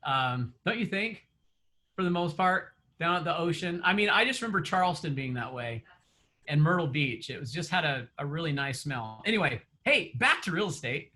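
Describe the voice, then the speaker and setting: A man's voice: a little high, sing-song, moderate pace, pushed and bright. A man coaching real estate agents in an online session, chatty, laughing often and quizzing the audience.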